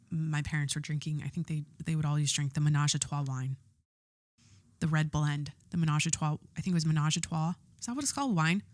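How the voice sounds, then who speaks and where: A woman's voice: low voice, dry recording, clean studio sound. Candid, profane woman podcast host. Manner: candid and profane, lots of fillers. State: stuffy from a head cold. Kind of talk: casual solo podcast monologue.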